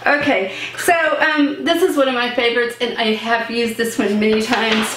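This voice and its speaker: A woman's voice: on the high side, fairly even intonation, moderate pace, fairly bright tone, slight background noise. A woman from Central Texas with a Texan accent, playfully explaining sayings in casual chat. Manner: playful, explains each phrase. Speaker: vlog host. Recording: echoey room, mic at a distance.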